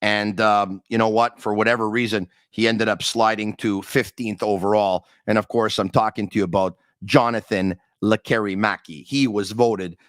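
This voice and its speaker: A man's voice: on the low side, steady tone, moderate pace, few pauses, a bit bright, dry recording. A man hosting a hockey podcast, talking energetically and emphatically and repeating phrases for effect. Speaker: podcast host. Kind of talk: hockey talk podcast monologue.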